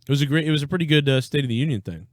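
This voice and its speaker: Very fast and animated, a young man with a slightly high voice runs a casual political reaction stream, blunt, sarcastic and swearing freely. The recording is dry.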